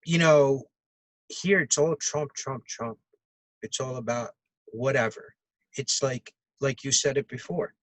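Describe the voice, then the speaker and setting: A man's voice: medium pitch, fairly even intonation, a little slow, no echo, rough recording. A man co-hosting a casual political chat, talking in opinionated, rambling runs with fillers. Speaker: podcast co-host.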